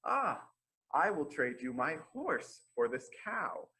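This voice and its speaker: A man's voice: fairly high pitch, very animated, takes it slowly, pushed and bright, slightly rough, pitched above the performer's own voice, exaggerated voice, rough recording. A man voicing a simple, easily pleased young man who talks to himself in delight during a children's storytime read-aloud. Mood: cheerful.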